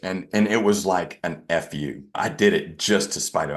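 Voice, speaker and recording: Male podcast guest, very low voice; candid storyteller who stumbles and restarts, frank and self-mocking. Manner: halting, with frequent restarts and self-corrections.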